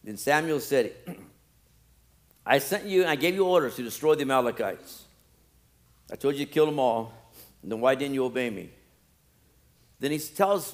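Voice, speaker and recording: A male pastor preaching a sermon, animated, swinging from loud pleading to quiet, low asides.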